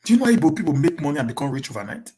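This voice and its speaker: Fast-talking Nigerian man, repeating words. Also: fairly high pitch, sing-song, warm tone. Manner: quick, repeats and restarts words, mixes in pidgin. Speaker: live-stream host answering viewer questions. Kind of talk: casual chat to viewers.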